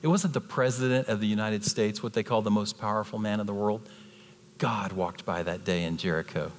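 A man's voice: lowish voice, a little fast, slight background noise. A man in his fifties preaching a sermon as a guest speaker, telling stories and acting out voices. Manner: animated storytelling with acted-out voices. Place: church sanctuary. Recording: long hall reverb.

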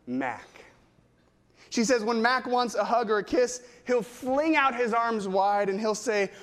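A middle-aged male pastor delivers a sermon with a notably high voice. He moves through stories and acted-out quotes. The sound carries a long reverb, as in a large church hall.

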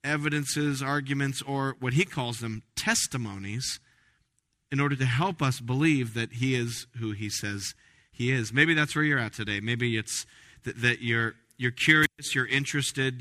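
A man preaching a sermon as pastor, emphatic and animated, with frequent restarts. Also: mid-range voice, a little slow. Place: church sanctuary. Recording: reverberant church hall.

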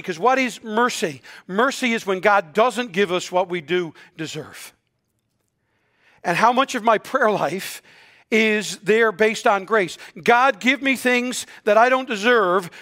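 High-voiced earnest preacher man. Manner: earnest preaching that drops to hushed, quiet stretches. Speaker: pastor. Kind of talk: sermon.

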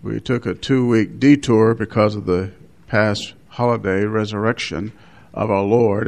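A male pastor, preaching a measured sermon, with emphatic repetitions. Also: on the low side, steady tone, vocal fry, a little mellow.

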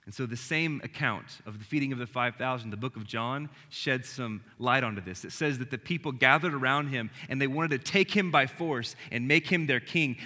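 A man preaching a sermon as pastor, swinging between emphatic, rising lines and hushed, quiet ones. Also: mid-range voice, a little fast, few pauses, in a large hall.

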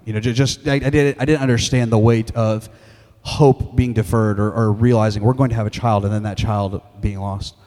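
A man in his thirties preaching a sermon as a pastor, candid and halting, with frequent restarts and fillers. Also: fairly low pitch, fairly even intonation, dark tone. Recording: long hall reverb.

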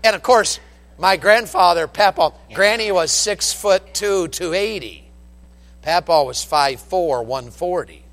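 A man preaching a sermon from the pulpit, telling folksy stories in an animated, down-home way. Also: high-pitched, unhurried, big-room sound. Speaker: pastor. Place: church sanctuary with long reverb. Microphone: pulpit microphone.

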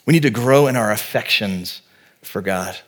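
Speaking at an ordinary pace with a fairly low-pitched voice, a forties-aged pastor delivers an earnest, conversational sermon. He shares vivid stories and addresses the congregation plainly.

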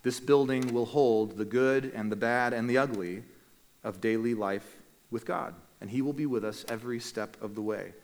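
A man preaching a sermon as pastor in a church meeting room, speaking in measured, earnest phrases and slowing down to stress key words. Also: medium pitch, darkish tone. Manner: measured, earnest delivery with slow emphatic phrases. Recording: long hall reverb.

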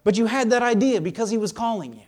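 A man preaches in a loose, conversational way, his voice pitched a little high. He gets animated and slips into the voices of the people he quotes. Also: fast talker. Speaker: pastor. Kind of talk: sermon.

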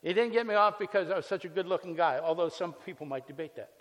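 Pastor with a higher voice in a reverberant hall. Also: male voice, fast. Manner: conversational storytelling with scripture reading. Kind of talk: sermon.

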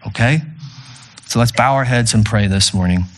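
There's a slight hiss or hum in the recording of this man's medium-pitched, moderately paced voice. He's a pastor preaching earnestly in a church room, guiding communion and prayer while repeating himself and stumbling over restarts.

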